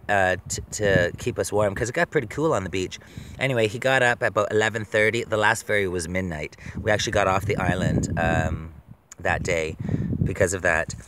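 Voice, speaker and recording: A man telling personal stories in a rambling, profane, animated way, with many restarts, keeping a video journal. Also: medium pitch. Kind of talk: casual storytelling monologue. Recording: noisy outdoor street recording.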